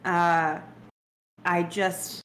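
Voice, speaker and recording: A woman's voice: lowish voice, little pitch movement, very slow, a bit bright, a little hiss or hum, voice pushed down. A woman voicing a rebellious grown child who swears and pushes back against a father. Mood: evasive. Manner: defiant, swearing, exasperated.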